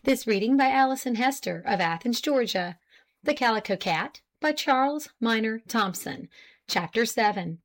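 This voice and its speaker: Measured woman narrating a classic novel. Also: a little high. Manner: measured, even storytelling. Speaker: audiobook narrator. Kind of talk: scripted narration.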